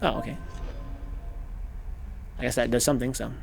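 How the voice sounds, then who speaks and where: A man streaming a video game, talking casually with animated, profane, rambling rants. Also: medium pitch, moderate pace, creaky, pauses often, slight background noise. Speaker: gaming streamer. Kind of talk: casual let's-play commentary.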